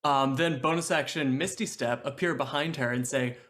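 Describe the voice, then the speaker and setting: A man's voice: medium pitch, normal speed, a bit bright. A man playing a tabletop game, joking and working out damage aloud. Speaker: player. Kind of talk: casual tabletop play.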